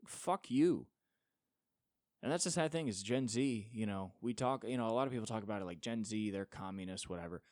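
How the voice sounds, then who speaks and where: Low-voiced man ranting sarcastically. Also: fast talker, few pauses, a little mellow, dry recording, clean studio sound. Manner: ranting, sarcastic, profane, mocking voices in quotes. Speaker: podcast host. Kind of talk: solo podcast rant.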